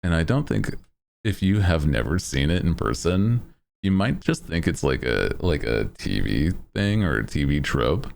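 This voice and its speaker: A man's voice: very deep voice, sing-song, normal speed, creaky, darkish tone, slight background noise. A man streamer in casual chat, rambling in a laid-back way with lots of "like" and "dude," speaking into a desk microphone.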